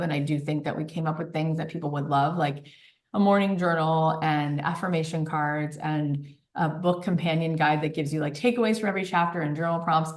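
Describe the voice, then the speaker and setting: A woman with a low voice talks earnestly and warmly in casual conversation, gushing a little and leaning on fillers. Her voice rings with the echo of the room around her. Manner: earnest and effusive, with frequent fillers. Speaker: guest, author and podcast host. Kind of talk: casual interview talk.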